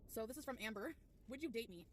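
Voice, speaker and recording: Woman, casual Q&A, higher voice, teasing, faint background noise. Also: animated, fast talker. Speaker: interviewer in a clip. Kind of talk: casual Q&A chat.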